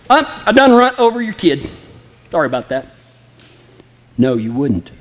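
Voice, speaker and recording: A man's voice: high voice, in a large hall. A man preaching an impassioned, folksy sermon that speaks straight to the congregation. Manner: impassioned, folksy and direct, acting out flippant apologies.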